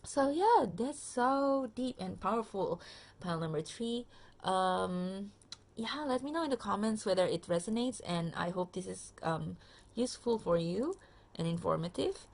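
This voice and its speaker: A tired woman gives a relaxed pick-a-card tarot reading straight to her viewers. Her voice has a gravelly fry and sits at an ordinary middle pitch. She speaks loosely into her phone camera, full of ums and restarts. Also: a little slow. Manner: chatty, many fillers and restarts, addresses viewer directly. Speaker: tarot reader.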